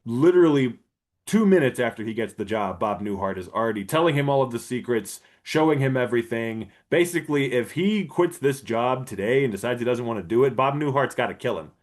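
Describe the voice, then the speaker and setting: A man hosting a podcast, retelling a movie plot in a rambling, profane, casual way and clearing his throat often. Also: medium pitch, animated, a little fast, darkish tone. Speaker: podcast host. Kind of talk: casual comedic movie recap.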